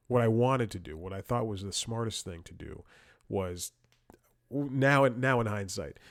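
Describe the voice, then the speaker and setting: A man hosting a comedy show, telling rambling stories with frequent chuckles and restarts, wry and blunt. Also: fairly low pitch. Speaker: comedy podcast host. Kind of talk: rambling comedic storytelling and commentary.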